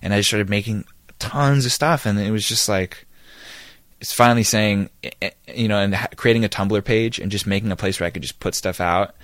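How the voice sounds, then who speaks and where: Male musician guest, low and relaxed, loose anecdotal delivery, dry close mic. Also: fairly quick, dry recording. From Northern California. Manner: rambling, laid-back storytelling. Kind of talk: casual interview chat.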